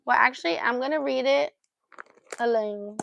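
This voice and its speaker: A woman's voice: high-pitched, moderate pace, gravelly, fairly bright tone, a little hiss or hum. A woman hosting a casual livestream, chatting to viewers and cooing playfully at her pet between remarks. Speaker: livestream host.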